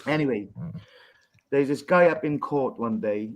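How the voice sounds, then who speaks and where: A man's voice: medium pitch, unhurried, long pauses, slight background noise, rough recording. English man, podcast co-host, crude pub humour, chatty joke-teller. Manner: swears freely, rambling joke-teller. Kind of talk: casual pub-style banter, telling jokes.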